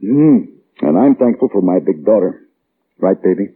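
A man's voice: low voice, lively intonation, normal speed, slightly rough. A teasing, indulgent father. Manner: dry and indulgent, gently mocking. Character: patient, teasing middle-aged father. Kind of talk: 1940s radio acting. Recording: tinny old radio broadcast, faint hiss.

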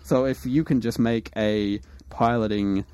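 A man's voice: mid-range voice, steady tone, measured pace, warm tone, clear, resonant tone, no room sound. A man narrating a tabletop game as game master, rambling with many fillers.

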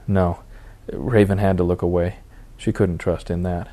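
A man reading a novel aloud as its narrator, in steady storytelling. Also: low voice, unhurried. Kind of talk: audiobook narration.

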